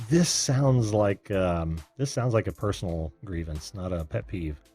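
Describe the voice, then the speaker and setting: Male call-in host, easygoing, lively rise and fall, husky tone, faint music bed. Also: fairly low pitch, slow. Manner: laughs easily, easygoing. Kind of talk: live call-in show hosting.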